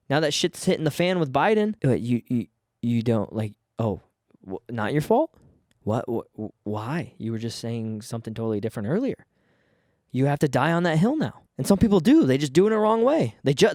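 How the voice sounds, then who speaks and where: A man hosts his own podcast and rants casually on his own, swearing a lot and stumbling into restarts. His voice is on the high side and a little mellow, recorded dry with studio quality.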